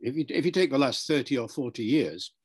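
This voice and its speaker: An older man answering an interviewer's questions in a measured, lecturing way, spelling out words and demonstrating pronunciations. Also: medium pitch, animated, a little mellow, husky. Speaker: linguist being interviewed.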